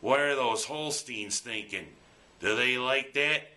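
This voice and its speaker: A man's voice: medium pitch, pushed and bright. A man giving plainspoken, earnest weekly commentary from a script. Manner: plainspoken, earnest, slow and deliberate. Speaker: local sports and opinion commentator.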